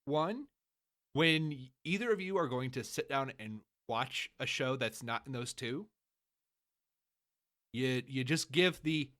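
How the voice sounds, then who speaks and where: A man with a bright, forward voice, co-hosting a relaxed podcast chat. He talks at length, spelling out his rules with emphasis and building up his case point by point. His pitch sits in an ordinary middle range. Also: takes it slowly, pauses often. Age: adult, married. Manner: long-winded, laying out rules with emphasis. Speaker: podcast co-host. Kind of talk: casual chat.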